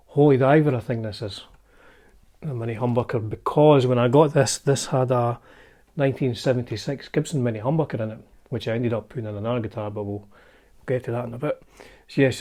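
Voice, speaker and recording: A Scottish man with a medium-pitched, dark-toned voice hosts a casual show-and-tell vlog featuring his guitar collection. He's chatty and wry, often hedging his facts as he goes.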